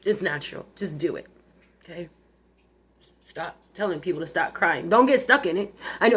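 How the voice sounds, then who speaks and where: A vlogger in her forties speaks to camera in a personal, confessional monologue, emotional and tearful. Her voice is on the low side with a breathy edge, and she often halts and starts again.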